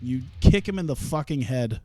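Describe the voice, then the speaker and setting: Young guy streaming a wrestling sim, swears a lot, laughs at his own jokes, warm mellow voice, bit of guitar music under it. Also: medium pitch, lively intonation, moderate pace, no echo. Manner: profane, laughing, rambling commentary. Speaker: streamer playing a wrestling management game. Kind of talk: casual let's-play commentary.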